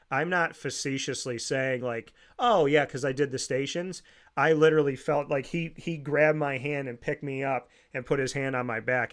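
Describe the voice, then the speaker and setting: A man's voice: mid-range voice, fairly bright tone. A man hosting an interview, telling a personal story in a casual, earnest and reflective way, often restarting his sentences. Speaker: podcast host.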